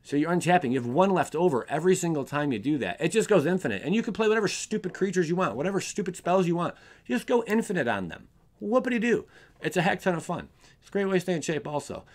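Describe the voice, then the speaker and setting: A man's voice: fairly high pitch, sing-song, very fast, hardly any pauses, a little mellow. A young man hosting a casual card review, rambling and often stumbling over and correcting his words. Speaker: card game video host.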